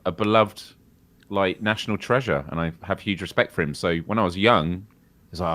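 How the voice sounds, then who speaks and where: A British man with a fairly low voice, co-hosting a gaming podcast in easygoing live banter. His jokes come out dry and wry. The recording is close and dry, with no room echo. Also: fairly quick, fairly bright tone. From United Kingdom. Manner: wry, chatty, dry humor. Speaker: podcast co-host. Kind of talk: casual live-stream banter.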